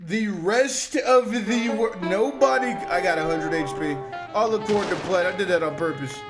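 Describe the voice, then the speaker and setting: A young man livestreaming a game, his voice sitting high for a man and bouncing with slangy, animated reactions. Game music plays clearly behind him the whole time. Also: normal speed. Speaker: streamer. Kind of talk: live gameplay commentary.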